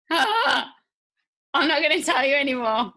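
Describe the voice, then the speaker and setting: A woman's voice: high voice, very animated, takes it slowly, sharp tone. A woman from near Birmingham with a Birmingham accent, hosting a casual, chatty interview and laughing easily. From English Midlands, near Birmingham. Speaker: host.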